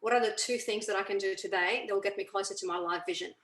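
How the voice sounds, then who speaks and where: A woman's voice: medium pitch, fast talker, a bit bright. Woman coaching over a roomy call. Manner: explanatory, keeps checking with "okay?". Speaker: guest coach. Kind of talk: casual explaining on a video call. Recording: roomy echo.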